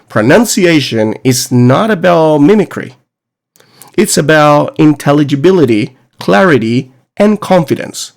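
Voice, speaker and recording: A man at a mid pitch hosts a solo teaching podcast. He talks emphatically and asks his listeners rhetorical questions, in the manner of a teacher making a case. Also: darkish tone. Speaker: podcast host. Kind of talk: solo educational podcast monologue.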